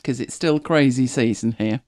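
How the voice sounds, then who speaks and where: A livestream host from the United Kingdom chats casually with viewers, rambling, correcting themselves and laughing often. The voice is mid-range with a darkish tone and a moderate pace.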